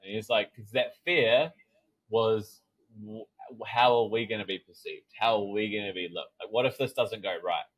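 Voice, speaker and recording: A man with a low voice tells his story as a sobriety coach in a relaxed podcast chat. He acts out his own inner voices and swears casually now and then. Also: normal speed, husky, poor audio.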